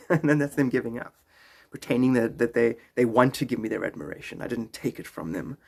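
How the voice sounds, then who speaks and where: Male live streamer, jokey and rambling, with a lively, swinging pitch, chatting into a phone. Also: brisk, gravelly, slightly rough. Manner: rambling, jokey, drops into silly voices. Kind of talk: casual live-stream chat.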